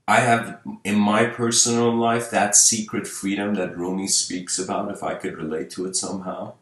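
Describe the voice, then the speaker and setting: A man's voice: on the low side, little pitch movement, normal speed, roomy sound, poor audio. A man giving an unscripted spiritual talk, musing aloud and full of rhetorical questions. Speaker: spiritual lecturer.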